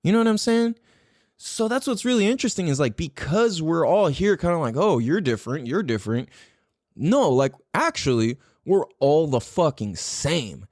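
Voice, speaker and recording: A man's voice: a little high, big pitch swings, moderate pace, darkish tone, dry recording, clean studio sound. A man from the United States hosting a podcast, musing aloud in a casual monologue and swearing freely. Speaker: podcast host.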